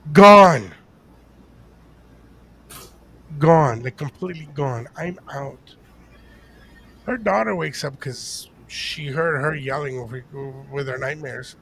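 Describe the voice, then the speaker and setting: Gravelly animated storyteller guy. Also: fairly high pitch, unhurried, a little hiss or hum. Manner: animated storyteller acting out quotes. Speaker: podcast co-host. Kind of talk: casual storytelling chat.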